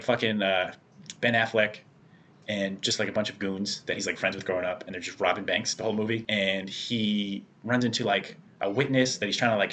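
A man's voice: on the low side, sharp tone, slight background noise. A young man in casual chat, telling rambling, profanity-filled stories as a podcast co-host.

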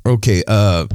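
Low-voiced guy hosting a faith podcast, chatty and preachy, dead dry mic. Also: a little mellow, clean tone, no room sound. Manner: conversational, preacherly, with frequent "you know" and restarts. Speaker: podcast host. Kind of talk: casual Christian advice podcast.

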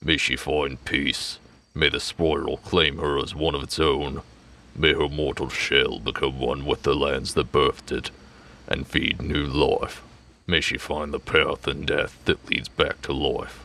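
A man voicing Agnesiman, a solemn, gruff figure leading a funeral in a tabletop game. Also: rumbling low, level tone, a little slow, bright, forceful tone, voice pushed down, heavily acted.

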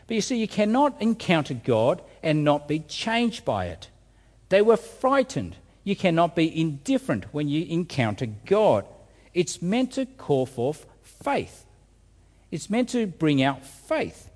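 A man's voice: a little high, wildly swooping pitch, measured pace, a little mellow. A man preaching a sermon, asking rhetorical questions and often repeating words as he restarts. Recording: reverberant hall.

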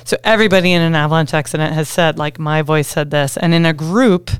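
Animated woman saying "like" a lot. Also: sits low, fast, clean tone, no echo. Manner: animated, says "like" often, upbeat. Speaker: ski guide and avalanche instructor. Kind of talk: casual podcast chat.

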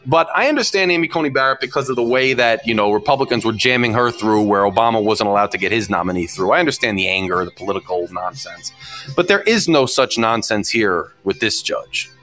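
A man's voice: on the low side, lively intonation, brisk, bright, forceful tone, faint music behind. A man hosting a podcast, giving emphatic, repetitive, frustrated political commentary on his own. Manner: mocks opponents in put-on whiny voices. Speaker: podcast host. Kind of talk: opinionated solo political commentary. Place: lives near New York City.

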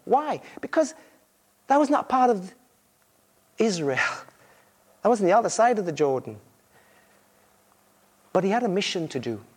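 Male visiting preacher with a high, lively delivery, storytelling and playing out the characters' lines. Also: moderate pace, long pauses, slightly rough. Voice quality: married. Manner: animated storytelling, acting out voices in quotes. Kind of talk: sermon.

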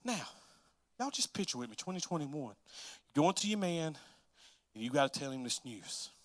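A man preaching a sermon, chatty and laughing, acting out Bible figures in quick voices. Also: fairly high pitch, big pitch swings, no room sound.

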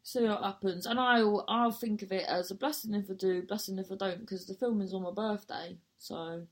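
A woman's voice: medium pitch, steady tone, moderate pace. Rambling woman telling stories. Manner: rambling, chatty, self-mocking asides; swears casually. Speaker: comedian and actor. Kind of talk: casual storytelling monologue.

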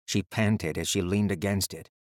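Low-voiced male audiobook narrator. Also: fairly even intonation, normal speed, no room sound, clean studio sound.

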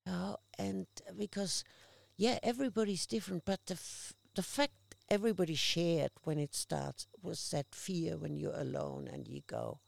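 A woman's voice: on the low side, creaky, no room sound. A woman from Australia, an interview guest, telling stories in casual conversation and acting out the voices of the people in them. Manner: animated storyteller acting out quoted voices.

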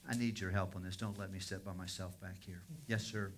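A man's voice: low-pitched, fairly even intonation, fairly quick, slight background noise. A man preaching a sermon as a pastor, in a conversational storytelling manner that circles back on itself. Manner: conversational storytelling, with frequent restarts.

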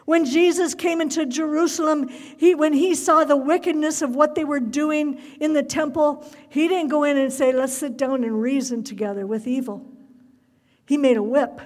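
A woman preaching a fervent sermon, her voice rising to loud cries at its peaks. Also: high voice, steady tone, normal speed, in a large hall.

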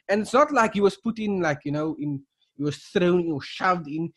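A man's voice: high-pitched, lively intonation, normal speed, fairly bright tone, breathy edge. A man from South Africa co-hosting a casual podcast, retelling events with lots of restarts and fillers. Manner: rambling, many restarts and fillers. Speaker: podcast co-host.

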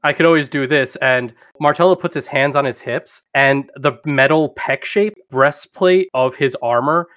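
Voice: mid-range voice, moderate pace, few pauses, a bit bright. A player in a casual tabletop game with a flamboyant, theatrical way of talking.

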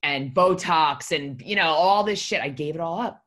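Low-voiced woman telling a candid, rambling story. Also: moderate pace, fairly bright tone. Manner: candid, rambling storyteller who swears for emphasis. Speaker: podcast guest. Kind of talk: casual podcast conversation.

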